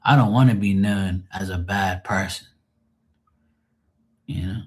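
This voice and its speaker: A man's voice: low-pitched, unhurried. A man on a live stream venting in a rambling, emotional monologue, swearing often and sounding drained and sad.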